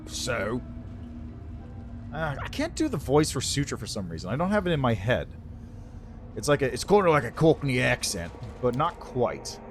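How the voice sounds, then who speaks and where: A man's voice: mid-range voice, big pitch swings, normal speed, faint music behind. A man streaming a video game, casually thinking aloud between reading dialogue. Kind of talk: let's play commentary.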